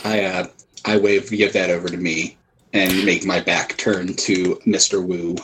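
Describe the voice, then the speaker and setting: A man playing a tabletop role-playing game over voice chat, talking in an animated way, sometimes dropping to a hush. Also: low-pitched, unhurried, a little hiss or hum, poor audio. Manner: animated, hushed at times. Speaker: player.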